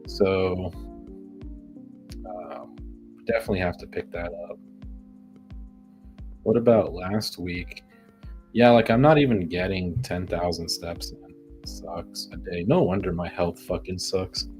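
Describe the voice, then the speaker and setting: A young man with a low, deep voice talks loosely to his stream, swearing freely and drifting from topic to topic. Soft music plays faintly behind him. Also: a little slow, long pauses. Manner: profane, joking, rambling. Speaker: livestreamer. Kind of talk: casual rambling livestream chat.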